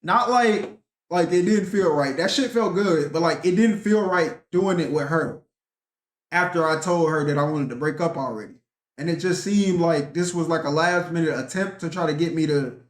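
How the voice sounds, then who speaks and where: A young man telling a profane, rambling story in a casual rant vlog, talking animatedly and swearing often. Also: high voice. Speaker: vlogger. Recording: echoey room.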